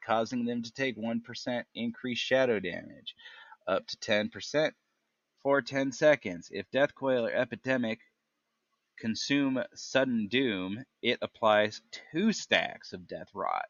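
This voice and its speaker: A man with a bright, forceful voice reads game ability text aloud in a relaxed chat, pausing to puzzle over names and think out loud. The sound is dry and close, though a little dull and lo-fi. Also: medium pitch, no echo. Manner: reads tooltips haltingly, stumbles on names. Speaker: gaming podcast host. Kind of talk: casual chat reading game talents aloud.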